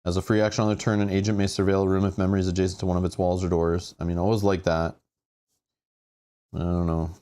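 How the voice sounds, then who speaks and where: A man with a somewhat low voice talks his way through a solo board game on a live stream. He reads rules aloud and chats with viewers in an excitable, thinking-aloud manner. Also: fast, smooth.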